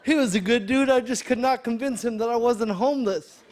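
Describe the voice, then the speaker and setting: Stand-up comic, man, very high voice, relaxed storyteller, laughing audience behind. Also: brisk, some chatter behind, slight background noise. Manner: laid-back storytelling with punchy quoted voices. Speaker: stand-up comedian. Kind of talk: stand-up routine. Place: studio stage before a live audience. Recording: live stage mic with loud audience.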